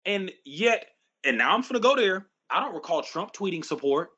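Lively, emphatic ranting man. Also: high-pitched, normal speed, slightly rough, highs cut off. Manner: emphatic, ranting, profane, repeats phrases for force. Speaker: podcast host. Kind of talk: casual podcast conversation.

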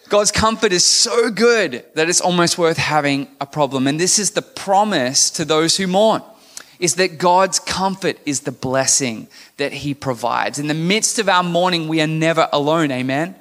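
A man's voice: on the high side, measured pace, a bit bright, in a large hall. A man preaching a sermon in a candid, conversational manner, asking his congregation questions. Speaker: pastor.

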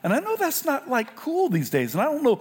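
An older man from South Carolina preaching a sermon, swinging from loud shouted lines to low, quiet asides. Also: wildly swooping pitch, a little fast, in a large hall. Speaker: pastor.

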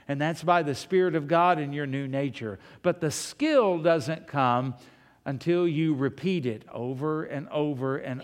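Folksy preacher in a reverberant hall. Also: male voice, fairly high pitch. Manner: folksy storytelling, rhetorical questions. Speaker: pastor. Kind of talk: sermon. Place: church sanctuary.

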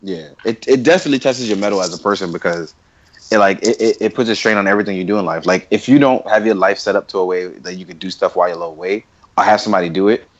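A man's voice: sits low, fast talker, no echo, lo-fi sound. A young man co-hosting a casual podcast chat, loose and slangy, laughing often. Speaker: podcast co-host.

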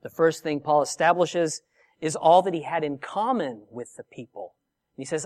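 A man's voice: a little high, moderate pace. Emphatic preaching man. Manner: expressive, emphatic preaching with rhetorical questions. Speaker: pastor. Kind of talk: sermon.

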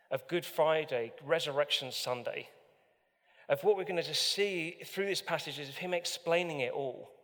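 Male preacher, slightly high-pitched, earnest and chatty delivery with fillers, recorded with long hall reverb. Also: fairly bright tone. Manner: earnest, conversational, with frequent fillers. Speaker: pastor. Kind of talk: sermon with scripture reading.

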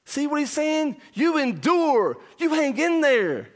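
A man, a pastor and father, preaching an impassioned verse-by-verse sermon, shouting much of it and then dropping to a low voice. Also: sing-song, slow pace. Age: young adult or middle-aged parent.

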